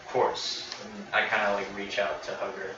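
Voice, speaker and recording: A man speaks in character during a tabletop game in a gentle, reassuring way. His voice is low and stays flat. He sounds far from the mic in a very echoey, lo-fi recording with clear background noise. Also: a little fast. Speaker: player.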